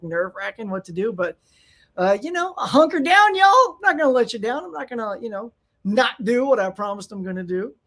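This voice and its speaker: A man hosting a casual live stream from home, chatting excitedly and greeting viewers by name. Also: high-pitched. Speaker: channel host. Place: home room.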